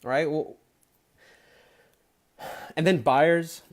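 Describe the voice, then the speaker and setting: A man's voice: on the high side, drawn-out words. A man in his thirties from the United States, hosting his own channel and telling a candid, emotional personal story full of fillers and restarts. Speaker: ecommerce channel host. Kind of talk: personal monologue.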